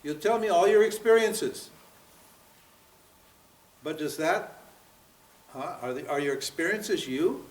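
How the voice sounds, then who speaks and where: A man's voice: a little high, lively intonation, takes it slowly, pauses often. Older man, teacher's lecture, rhetorical questions, roomy sound, mic far away. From United States. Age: 70s. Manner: quizzes listeners with rhetorical questions, frequent "huh?" and "what?". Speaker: spiritual teacher. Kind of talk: seminar lecture. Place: seminar room at a yoga center.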